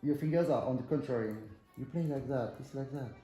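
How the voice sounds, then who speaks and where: A man's voice: medium pitch, brisk, dark tone. A man from France with a French accent, coaching an accordion student in a master class and counting and singing rhythms aloud. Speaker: accordion teacher. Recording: echoey room with accordion playing. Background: accordion music.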